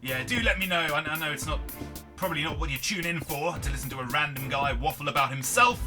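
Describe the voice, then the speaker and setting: A man's voice: medium pitch, expressive, measured pace, over music, natural voice. A man doing a put-on accented persona, commenting on gameplay in an upbeat, exclamatory, rambling way. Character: chirpy adult male show persona with put-on accent.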